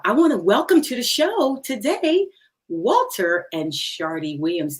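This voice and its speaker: A middle-aged woman hosting a podcast interview, playful and laughing often. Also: deep voice. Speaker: podcast host. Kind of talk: casual interview.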